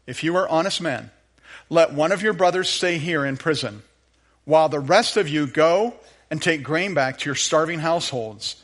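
Male pastor, fairly high voice, animated storytelling sermon. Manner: lively storytelling, acts out Bible dialogue.

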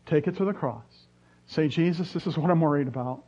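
A man preaching a sermon as pastor, earnest, often dropping into soft, quiet phrases. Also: on the high side, a little fast, dull audio. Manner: earnest, preaching with dramatic drops to soft tones.

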